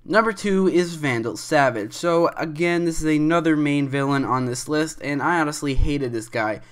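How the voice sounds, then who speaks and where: A man's voice: fairly high pitch, normal speed, smooth. A young man hosting a commentary video, giving rambling, opinionated takes with frequent restarts.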